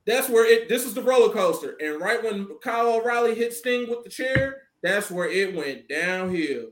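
A man co-hosting a wrestling podcast, telling stories in animated, profane casual chat and acting out quotes loudly. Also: sits high, moderate pace, reverberant. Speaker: podcast co-host.

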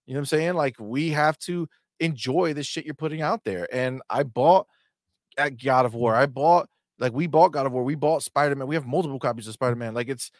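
A man's voice: mid-range voice, fairly quick, dry recording, studio quality. A man co-hosting a gaming talk stream, hyped and profane, thanking chatters and reading their messages. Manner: hype, profane, reads out chat. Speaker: co-host.

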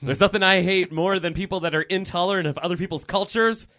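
Guy hosting a podcast, high bright voice, jokey banter. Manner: joking, quick banter. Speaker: podcast host. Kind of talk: casual chat.

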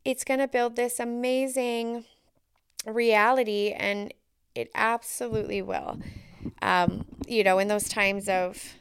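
A woman's voice: mid-range voice, fairly even intonation, measured pace, smooth, no room sound, clean studio sound. A woman hosting a solo podcast, talking in a reflective, earnest way and thinking aloud with fillers. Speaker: podcast host.

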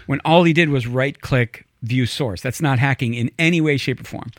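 A man co-hosting a casual political chat show, telling stories with animated asides and putting on voices when he quotes people. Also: medium pitch, moderate pace. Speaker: podcast co-host.

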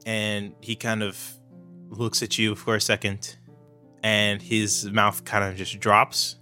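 A man's voice: on the low side, flat delivery, slow pace, bright, forceful tone, soft background music. A man narrating as game master in a casual, hedging way, full of fillers.

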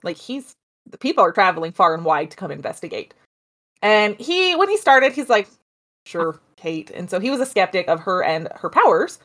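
Female co-host, casual storyteller, chatty and animated. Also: medium pitch, brisk. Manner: chatty, animated, with asides and laughs. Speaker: podcast co-host telling a story.

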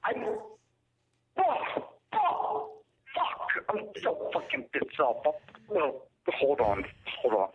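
A man's voice: on the high side, wildly swooping pitch, takes it slowly, a little hiss or hum. A man calling in to a talk show, ranting profanely, stammering and boasting. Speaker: caller. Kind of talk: angry prank-style call-in rant. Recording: tinny phone line.

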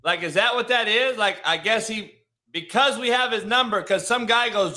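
A man's voice: sits high, moderate pace, sharp tone. A man hosting a casual sports talk show, laid-back, swearing freely and restarting his sentences. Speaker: podcast host.

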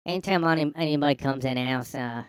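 A man's voice: on the high side, fast talker, clean tone, no room sound, close to an everyday voice. A man putting on the voice of a boastful older woman with a Southern accent who calls people hun. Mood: folksy boastful. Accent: American Southern, put on. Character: older Southern woman proud of her sticker wall.

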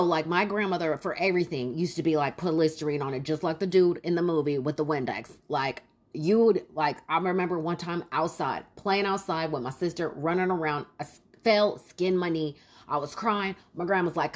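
Woman, casual storyteller, lowish voice, talks in loose asides and repeats for emphasis. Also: brisk, few pauses. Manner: chatty, rambling, full of fillers and asides.

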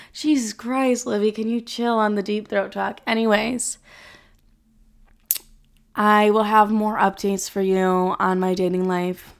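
A woman's voice: mid-range voice, a bit bright, smooth. A young woman hosting a solo podcast, chatting casually in a brash, rambling, profane way. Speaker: podcast host.

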